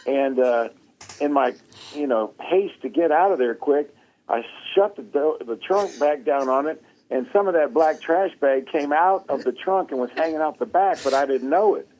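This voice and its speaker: Animated Southern man telling a story. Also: fairly high pitch, normal speed, low-quality recording. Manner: animated storyteller, acts out quotes, laughs often. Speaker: guest. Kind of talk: casual storytelling chat.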